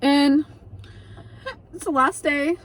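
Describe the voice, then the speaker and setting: High-voiced young woman telling a storytime. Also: takes it slowly. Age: young adult. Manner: chatty, profane, animated, heavy use of like. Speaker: vlogger. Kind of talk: casual storytime vlog.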